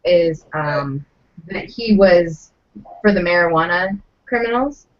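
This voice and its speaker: A woman's voice: lowish voice, expressive, takes it slowly. A woman co-hosting a casual podcast, throwing in sarcastic quips. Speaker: podcast co-host. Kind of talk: casual chat. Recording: dull lo-fi podcast audio.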